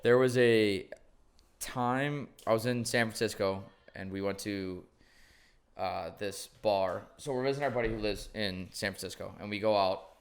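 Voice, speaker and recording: A young man hosts a podcast and chats casually, telling stories loosely and rambling while swearing freely. His voice is fairly low and moderately paced.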